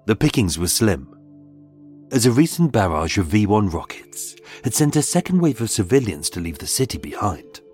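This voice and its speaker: A man narrating a scripted true-crime story in a measured, dramatic way, with suspenseful pauses. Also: on the low side, big pitch swings, darkish tone. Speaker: podcast host and narrator. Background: faint background music.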